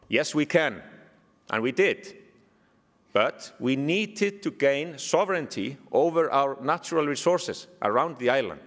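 A man's voice: medium pitch, moderate pace. A man with an Icelandic accent giving a keynote speech, telling stories with dry humor. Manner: lively storytelling with dry humor. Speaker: keynote speaker. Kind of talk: speech to an audience. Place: large museum hall. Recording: echoey hall reverb.

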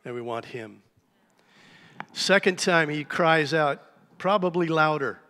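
A man preaching a sermon to a church congregation, telling a story with lively, animated delivery. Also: on the high side, slow, long pauses. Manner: animated storytelling, acts out shouted cries. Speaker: pastor. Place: church sanctuary. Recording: live church hall reverb.

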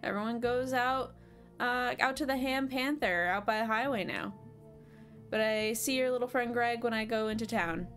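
A woman's voice: fairly high pitch, normal speed, fairly bright tone, soft background music. Chirpy mom cat, a woman reading her lines. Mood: cheerful.

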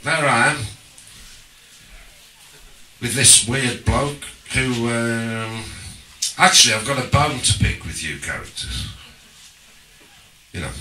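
A man doing a stand-up comedy set on a social club stage, deadpan, slow and deliberate with pauses. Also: mid-range voice, slight background noise. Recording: roomy live club recording from a distance.

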